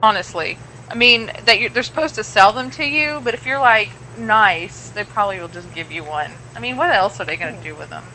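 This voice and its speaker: A woman's voice: mid-range voice, fairly quick, bright, forceful tone, a little hiss or hum, rough recording. A woman in casual chat with friends, jokey and chatty, often trailing off mid-sentence. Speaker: podcast co-host.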